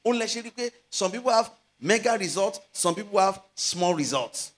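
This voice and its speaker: A middle-aged pastor with a Nigerian Yoruba accent preaches a sermon in a voice that sits high. He slows down to stress scripture phrases, stretching out the words, and builds up to loud exhortations.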